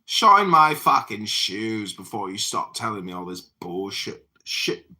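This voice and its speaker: A man's voice: on the low side, big pitch swings, measured pace, pushed and bright. Ranting man in a put-on British accent. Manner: profane ranting and theatrical insults. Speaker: write-in political candidate. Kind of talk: heated voice chat room argument.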